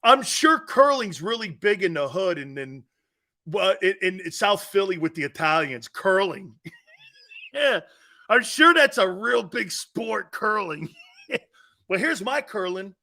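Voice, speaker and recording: A man's voice: sits high, sing-song, measured pace, bright, forceful tone. A man hosting a sports talk show, joking and rambling between laughs.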